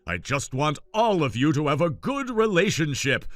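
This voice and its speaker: A man voicing an ailing father who speaks gently and pleads with his son. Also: fairly high pitch, sing-song, normal speed, no room sound. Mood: pleading. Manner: soft-spoken, pleading. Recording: dry, faint music behind.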